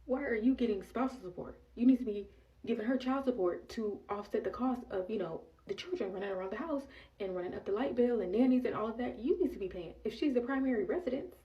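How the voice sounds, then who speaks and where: A woman's voice: fairly high pitch, quick pace. A woman giving casual commentary in an exasperated way, repeating herself. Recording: dull, distant mic.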